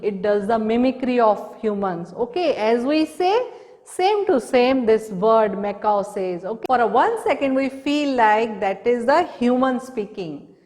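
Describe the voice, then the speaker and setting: A woman's voice: fairly high pitch, long reverb tail. A woman teaching a recorded lesson to small children, patiently asking questions and repeating the answers. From India. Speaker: preschool teacher.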